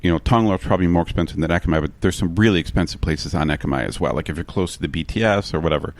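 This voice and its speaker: Deep-voiced, easygoing podcast co-host. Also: male voice, very fast. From expat living in Bangkok. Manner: easygoing, agreeable, hesitant restarts. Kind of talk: casual chat.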